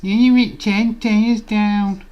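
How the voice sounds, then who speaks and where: A man's voice: high-pitched, fairly even intonation, slow pace, clear, resonant tone, lo-fi sound, pitched above the performer's own voice. A man mimicking a whiny crying viewer. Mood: whining. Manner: mocking, sing-song whining. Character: whiny crying male stream viewer, nagging.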